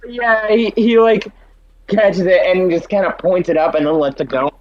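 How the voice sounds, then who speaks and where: A man chatting casually as a podcast host, swearing often and reacting quickly. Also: sits high, steady tone, muffled recording. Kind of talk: casual chat.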